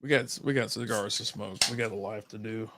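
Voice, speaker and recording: A man's voice: lowish voice, fairly even intonation, fairly quick, heavy background noise. A man co-hosting a livestreamed podcast, talking bluntly with lots of swearing and exasperated rants. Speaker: podcast co-host. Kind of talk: casual chat over drinks on a livestream.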